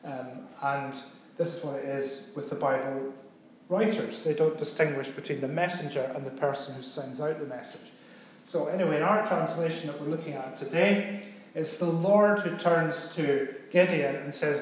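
A man preaching a sermon, talking it through like a teacher and pausing to ask if everyone is with him. His voice sits a little higher than most men's. The recording carries a heavy echo from a big reverberant room. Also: slight background noise. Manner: conversational teaching, checks in with "okay?". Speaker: pastor. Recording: very echoey room.

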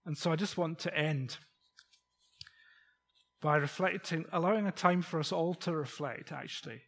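A middle-aged man delivers a sermon, his fairly high voice carrying a husky, breathy edge. He talks informally and keeps asking the congregation questions. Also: moderate pace, a bit bright. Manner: conversational, rhetorical questions, chuckles. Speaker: preacher.

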